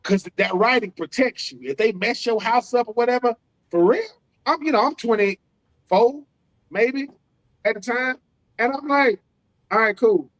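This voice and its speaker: A man in his forties, a former football player co-hosting a casual sports podcast, talking in animated, slangy bursts and acting out what other people said. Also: very high voice, unhurried, low-quality recording. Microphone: streamed remote call.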